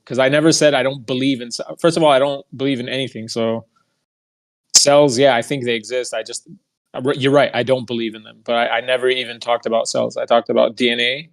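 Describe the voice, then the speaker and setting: A young man telling a heated, profane story in a casual monologue, mocking the people he quotes. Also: medium pitch. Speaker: podcast host.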